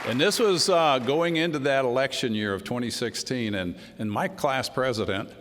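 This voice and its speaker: A man's voice: mid-range voice, moderate pace, fairly bright tone, a little hiss or hum. A middle-aged man giving a folksy, unscripted political speech, telling stories to a crowd. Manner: folksy, storytelling, says y'all. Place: large hall before a crowd. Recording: hall reverb with crowd.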